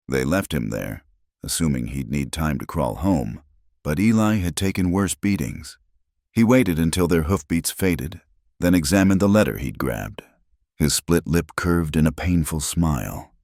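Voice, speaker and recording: A man tells a scripted western story in a dramatic, measured way. His voice is extremely deep and moves with a lively rise and fall. The recording is close and dry. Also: creaky, no room sound. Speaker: narrator.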